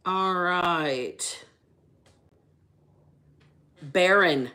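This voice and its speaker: A woman's voice: fairly low pitch, takes it slowly, pauses often, a bit bright. Chatty woman doing a tarot stream, brash, cusses a lot, talks right to her viewers. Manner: brash and chatty, swears freely, greets viewers. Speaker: tarot reader and channel host. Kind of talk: casual livestream tarot reading.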